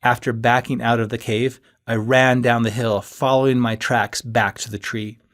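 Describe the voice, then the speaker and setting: A man reading a first-person audiobook in a steady storytelling manner that rises with moments of tension. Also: mid-range voice, moderate pace. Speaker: audiobook narrator.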